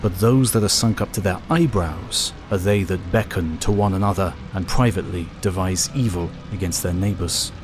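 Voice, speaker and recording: A man voicing a stern male angel who guides a visitor through hell, speaking in grave, measured pronouncements. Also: low-pitched, music in the background, lightly acted. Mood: solemn.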